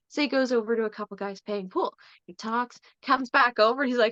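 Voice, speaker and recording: A woman's voice: on the high side, fast, few pauses, a bit bright, no echo. A woman guest in a casual chat who tells jokes with frequent giggles and a crude, playful delivery over a dull, lo-fi recording. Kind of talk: casual joke-telling chat. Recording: dull lo-fi sound.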